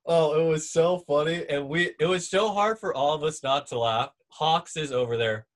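With a somewhat high voice at normal speed, a young ex-volleyball player shares a sports story in relaxed chat. He performs the other people's lines, storytelling in a lively, animated way.

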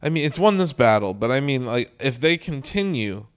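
A man's voice: mid-range voice, sing-song, normal speed, clean tone. A man co-hosting a casual chat, explaining his views in an earnest, talkative way. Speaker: podcast co-host.

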